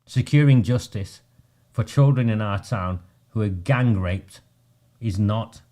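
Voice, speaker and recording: Blunt campaigner. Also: male voice, fairly low pitch, slow pace, warm tone. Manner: blunt, combative, chatty. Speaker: local campaigner. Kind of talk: casual campaign video.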